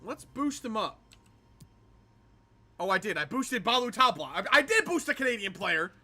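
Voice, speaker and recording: Soft music plays under a high-pitched, very animated man speaking at normal speed in a pushed, bright tone. He's hosting a gaming livestream, chatting casually, joking sarcastically, answering chat, and rambling with restarts.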